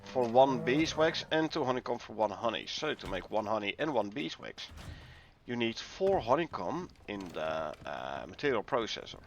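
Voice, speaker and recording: A man's voice: medium pitch, moderate pace, creaky, lo-fi sound, slight background noise. A man from the Netherlands with a Dutch accent, chatting casually with viewers while he plays and explains a game. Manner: relaxed, chatty, greets viewers while playing. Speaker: gaming livestreamer. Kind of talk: casual livestream commentary.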